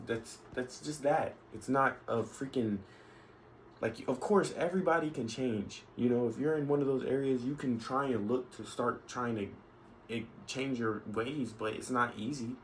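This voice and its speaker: A man's voice: medium pitch, low-quality recording. Rambling man venting in a vlog. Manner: rambling, many restarts and asides. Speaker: vlogger. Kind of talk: casual opinion monologue. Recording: faint background noise.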